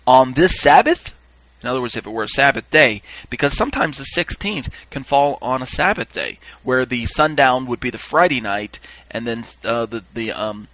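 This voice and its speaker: A man's voice: medium pitch, pushed and bright, dry recording, poor audio. A man teaching a Bible lesson for a podcast, explaining as he goes, often checking in with listeners and using fillers.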